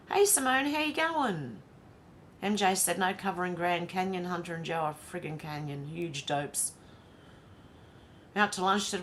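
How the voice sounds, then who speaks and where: A woman's voice: mid-range voice, fairly bright tone, a little hiss or hum. A woman from Australia with an Australian accent, hosting a live stream in a casual, chatty way, often laughing to herself as she reads out viewer comments. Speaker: livestream host.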